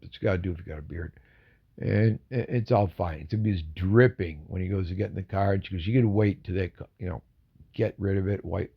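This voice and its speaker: A man rambling through a casual story with lots of asides, gravelly and a bit raspy. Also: low voice, highs cut off.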